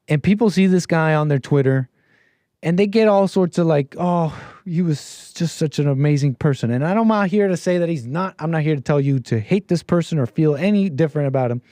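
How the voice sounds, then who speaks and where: A man hosting a livestream talks in a loose, rambling way, restarting his sentences and drifting from murmured asides to sudden louder stretches. His voice sits a bit high for a man, with a mellow, dark tone, recorded dry and close with no room sound. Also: dry recording. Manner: rambling and self-correcting, drifting between quiet asides and louder bursts. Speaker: livestream host. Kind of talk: casual livestream commentary.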